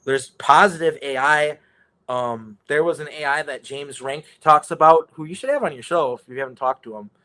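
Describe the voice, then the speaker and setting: A man's voice: fairly high pitch, moderate pace, pushed and bright. A man telling a rambling story in casual conversation, swearing often and restarting his sentences. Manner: rambling, profane, many restarts.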